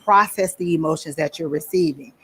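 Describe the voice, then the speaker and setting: A woman's voice: low-pitched, fairly quick, a little hiss or hum. A woman talking informally to a workshop audience at a psychic fair, chatty and conversational, stopping to ask the room for questions.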